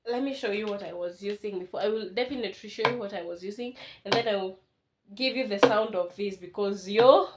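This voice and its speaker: A woman's voice: medium pitch, a little fast, very noisy. A Kenyan woman in her twenties, chatting casually and emotionally as she unboxes things for a home vlog. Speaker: vlogger. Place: indoors at home.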